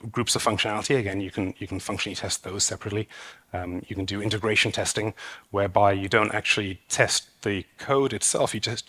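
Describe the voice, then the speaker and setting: A man's voice: fairly low pitch, fairly bright tone, slightly rough. A man speaking at a developer conference, explaining at length and hesitantly, with many fillers and restarts. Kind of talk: conference talk. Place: conference stage.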